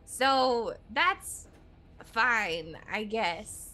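A woman's voice: fairly high pitch, expressive, very slow, pushed and bright. A woman playing a tabletop role-playing game, chatting in a playful, laughing way. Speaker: player. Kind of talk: casual tabletop game chat.

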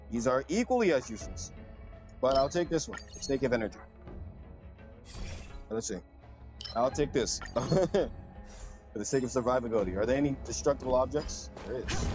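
A young man commenting casually on a video game he is playing, swearing a lot and switching between flat muttering and loud outbursts. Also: mid-range voice, moderate pace, pauses often. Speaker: gamer streamer. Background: game music.

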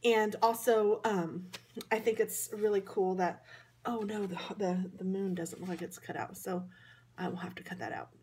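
A woman's voice: mid-range voice, fairly even intonation, moderate pace, darkish tone, a little hiss or hum. A woman from the American Midwest with a Midwestern accent, chatting casually through a card-making tutorial in a hotel room, rambling and poking fun at herself. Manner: chatty, rambling, self-deprecating. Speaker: craft vlogger.

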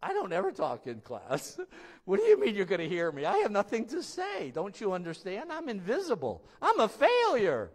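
A man's voice: high-pitched, huge pitch swings, normal speed, breathy edge, big-room sound, exaggerated voice. A man acting out a shy, nervous schoolboy who feels invisible, talking in a timid, disbelieving way.

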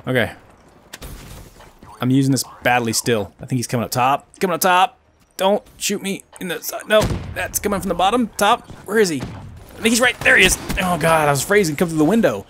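Casual male let's-play commentator, self-deprecating, animated delivery with sudden yelps. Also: a little high, a little fast, a little hiss or hum. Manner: self-mocking, excitable outbursts and muttering. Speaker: gaming commentator.

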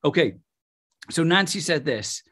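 A man's voice: on the high side, sing-song, unhurried, a bit bright. A middle-aged man with a Welsh accent preaching a charismatic sermon, exuberant and full of exclamations. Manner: exuberant, breaks into laughter and exclamations.

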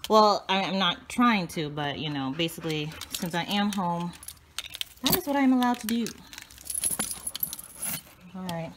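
A woman's voice: on the low side, lively intonation, measured pace, long pauses. Chatty woman vlogging on a noisy trail. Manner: chatty, addresses viewers as y'all, coos at her dogs. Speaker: vlogger walking her dogs. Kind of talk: casual vlog chat. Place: outdoors on a hiking trail, then a home yard.

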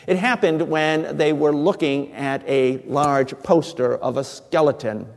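A man preaching a sermon slowly and emphatically, letting his voice drop softly on key phrases. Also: on the high side, creaky. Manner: slow, emphatic preaching with soft dramatic drops. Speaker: pastor. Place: church sanctuary. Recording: church sermon with long hall reverb.

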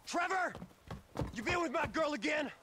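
An actor playing a distraught, jealous biker addict in a video game, yelling accusations and then pleading. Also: male voice, very high voice, lively intonation, normal speed, noisy background. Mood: furious.

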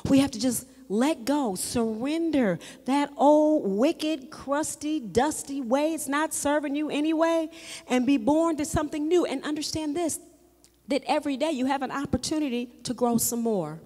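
A woman pastor delivers a live sermon with a very high voice. She moves between soft, searching repetitions and rousing shouted refrains that call for an answer from the congregation. Her voice echoes with a long reverb through a large church sanctuary. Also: moderate pace. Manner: call-and-response preaching, repeats phrases, swells to shouts.

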